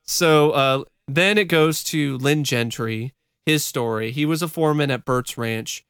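A man's voice: fairly high pitch, measured pace, clean tone, dry recording, clean studio sound. A man co-hosting a podcast, recapping a ghost show in casual chat, often laughing and joking as he tells it. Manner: laughs often, relaxed storytelling with joking asides. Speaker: podcast co-host.

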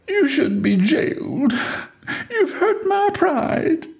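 A man voicing a coaxing young woman in a high falsetto, wailing and pleading. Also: very animated, slow pace, gravelly, a little mellow, exaggerated voice. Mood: playful reproach.

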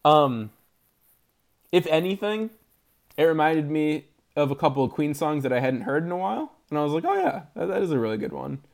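A man's voice: a little high, big pitch swings, brisk, gravelly. A man co-hosting a podcast, chatting casually about movies, laughing often and making fun of himself. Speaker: podcast co-host. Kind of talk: casual movie-review chat.

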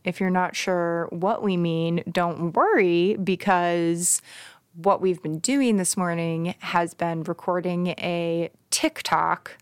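A young woman with a lowish voice chats and giggles as she co-hosts a casual podcast with her sister. The sound is dry and close, with no room around her. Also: fairly even intonation, takes it slowly, clear, resonant tone, no room sound. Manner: giggly, chatty. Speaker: podcast co-host. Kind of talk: casual chat.

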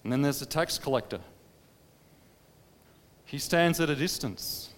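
A man preaching a sermon, dramatic, swinging between impassioned pleading and hushed, quiet stretches. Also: a little high, unhurried. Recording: long reverb of a large hall.

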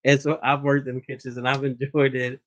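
Brief: easygoing male co-host, mid-pitched, chuckles a lot. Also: little pitch movement, fairly quick, a bit bright. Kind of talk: casual chat.

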